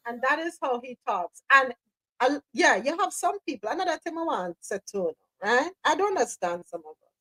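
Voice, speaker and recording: Animated high-voiced Jamaican woman host. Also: normal speed, low-quality recording. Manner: animated, emphatic, slips into patois. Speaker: live show host. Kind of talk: casual talk-show commentary.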